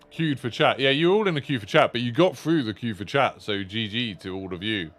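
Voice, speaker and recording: Man, thirties, streamer, casual chat, rambling, bright voice, desk mic. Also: mid-range voice, animated, brisk, hardly any pauses. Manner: chatty, rambling, greets viewers by name.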